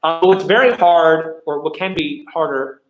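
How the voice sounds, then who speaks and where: A man's voice: fairly high pitch, steady tone, normal speed. A man teaching a lesson on Shakespeare, explaining step by step with many fillers and restarts, and reading verse aloud. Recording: echoey room.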